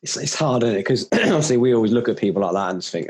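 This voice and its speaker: A man hosting a casual podcast chat, relaxed, laughing often and swearing now and then. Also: medium pitch, fast talker, few pauses, husky.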